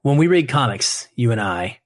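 A man's voice: medium pitch, big pitch swings, no echo, clean studio sound. A man co-hosting a podcast, talking earnestly and emotionally about a film in casual discussion. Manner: earnest, emotional, quick bursts of speech. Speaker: podcast co-host.

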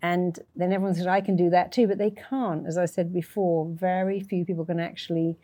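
A woman's voice: on the low side, fairly even intonation, brisk, warm tone, no room sound. A middle-aged woman hosting an interview, praising her guest and explaining ideas with everyday examples. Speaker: interview host. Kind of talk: interview conversation.

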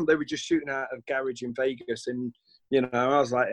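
This man from the United Kingdom has an expressive, medium-pitched voice with a fairly bright tone, heard with no room sound. Talking at a moderate pace as a guest in a relaxed conversation, he wanders through lengthy stories and performs the quoted dialogue himself.

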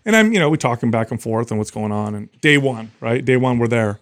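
A man co-hosting a podcast, telling a long story in a casual, animated way and acting out what people said. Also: medium pitch, brisk, dry recording, clean studio sound. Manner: animated storyteller, acts out quotes. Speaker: podcast co-host.

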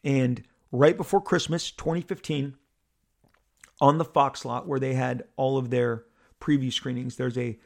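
A man with a gravelly, middle-pitched voice tells a story on his podcast. He talks in excited bursts and slips into other people's voices as he goes. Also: unhurried. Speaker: podcast host telling a story. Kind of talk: animated storytelling monologue.

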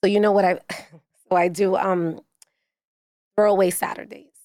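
New woman hosting, playful n punchy, middle pitch, super dry sound. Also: flat delivery, a little mellow, no room sound. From Puerto Rican, living in the Bronx. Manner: quick, emphatic, playful. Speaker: podcast host. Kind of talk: casual interview.

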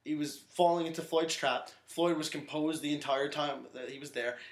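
A man co-hosting a podcast in casual chat, talking quickly and excitedly with many restarts. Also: fairly high pitch. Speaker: podcast co-host. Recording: echoey room.

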